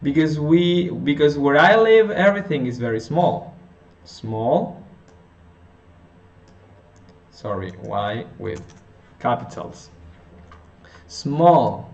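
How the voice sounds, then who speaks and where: A man teaching an intonation lesson, working through example sentences slowly, often restarting and correcting himself. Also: a little high, animated, gravelly, lo-fi sound. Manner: slow, halting, with frequent restarts and self-corrections. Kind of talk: phonetics lesson explanation.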